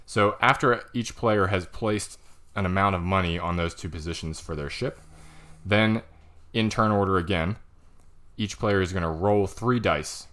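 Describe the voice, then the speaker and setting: Deep-voiced man explaining game rules. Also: unhurried, a bit bright. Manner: explains rules step by step, laughs easily. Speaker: podcast host. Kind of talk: casual board game review chat.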